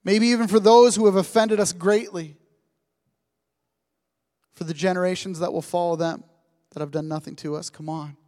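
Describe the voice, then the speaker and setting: A man preaching a sermon with a very high voice. He tells his stories in an animated way and acts out the dialogue. His voice rings with a long reverb from a church sanctuary. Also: moderate pace, long pauses. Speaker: pastor.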